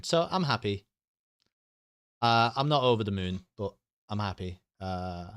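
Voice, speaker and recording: A man's voice: lowish voice, a bit bright, no echo, clean studio sound. A man chatting casually with his stream audience, rambling, joking and swearing freely.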